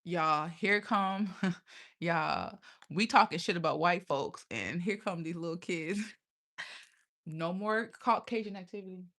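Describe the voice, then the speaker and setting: A young woman chats on her livestream in a loose, casual way. She talks bluntly and swears freely, and laughter breaks in now and then. Her voice is bright and forceful. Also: on the low side, slow pace. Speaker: live streamer.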